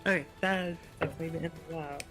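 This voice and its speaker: A man's voice: on the high side, fairly even intonation, fast talker, music in the background. A man playing in a tabletop game, chatting casually, joking and laughing as he asks about his moves. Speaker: player.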